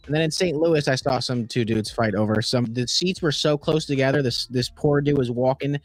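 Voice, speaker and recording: A man co-hosting a sports podcast, telling stories with lively, profane energy. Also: medium pitch, normal speed, no echo, faint music behind, rough recording. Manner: animated, acts out quoted voices. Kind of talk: casual storytelling.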